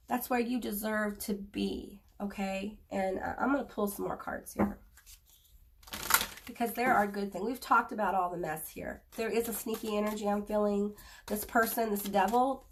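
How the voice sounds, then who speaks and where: A woman giving a spoken tarot reading to viewers, earnest and halting, offering gentle reassurance. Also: medium pitch, gravelly, far from the mic. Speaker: tarot reader.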